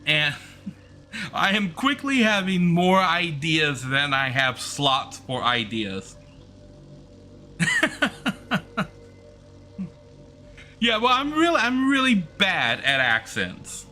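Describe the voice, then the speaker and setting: A man's voice: fairly high pitch, very animated, slow, pushed and bright, faint music behind. A man streaming a game, chatting casually and rambling with many fillers and restarts. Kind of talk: casual chat while gaming.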